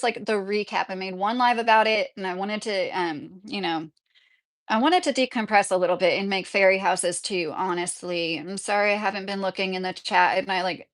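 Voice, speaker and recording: A woman's voice: mid-range voice, fairly bright tone. A woman giving casual live-stream commentary, rambling with frequent apologies and laughing asides. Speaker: livestreamer.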